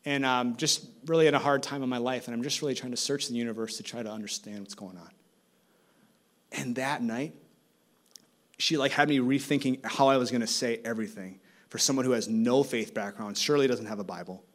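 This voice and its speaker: Man preaching an animated story sermon. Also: medium pitch, brisk. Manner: animated, rising to urgent exhortation. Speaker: campus ministry guest speaker. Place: church service.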